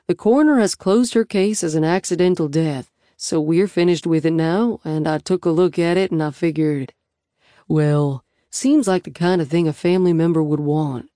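A woman's voice: sits low, normal speed, mellow, no echo, clean studio sound, natural voice. Woman reading a hesitant, kindly police officer. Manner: hesitant and careful.

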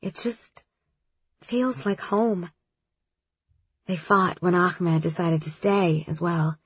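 A woman voicing a gentle, wistful young woman who speaks softly and reflectively. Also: fairly low pitch, slow pace, husky, no room sound, highs cut off, heavily acted.

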